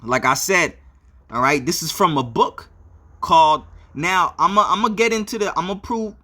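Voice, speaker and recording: A man's voice: on the high side, normal speed, sharp tone. A man giving religious commentary on a video, filling his talk with "all right" and "uh" between phrases. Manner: repeats "all right" often, with many fillers.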